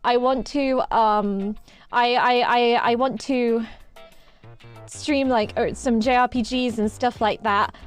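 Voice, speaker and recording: A woman streaming live, chatting in a rambling, excitable way, repeating herself and giggling. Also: on the high side, slow, faint music behind. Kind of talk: casual livestream chat.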